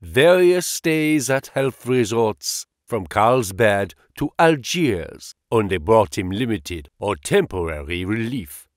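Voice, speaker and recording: A man voicing an elderly German gentleman who speaks earnest, humble English with a German accent in a low, grave tone. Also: no echo, studio quality. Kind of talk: audiobook character voice.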